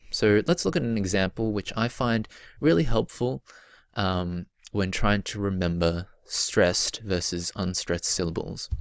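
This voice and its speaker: A man teaching a recorded poetry lesson, explaining patiently and stretching out example words slowly. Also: on the low side, dry recording, clean studio sound.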